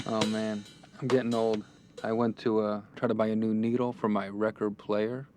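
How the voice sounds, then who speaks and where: A man's voice: fairly low pitch, flat delivery, over loud music. A man doing a stand-up comedy routine, telling jokes and acting out quotes from the people in them. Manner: rapid joke-telling with acted-out quotes. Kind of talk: stand-up routine within a sitcom.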